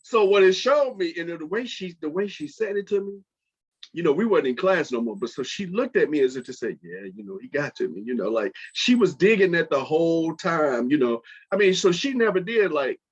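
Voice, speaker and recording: Middle-aged guy telling a story on his podcast, chatty and animated, lots of "you know", slightly dull lo-fi sound. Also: fairly high pitch, fairly quick, husky. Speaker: podcast host. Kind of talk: casual storytelling monologue.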